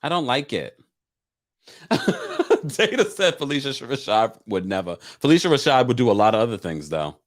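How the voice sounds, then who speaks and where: Animated man hosting a chatty live stream. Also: mid-range voice, a little fast, few pauses. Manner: animated, laughing, chatty asides to viewers. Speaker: live recap show host. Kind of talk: casual live-stream chat reading viewer comments.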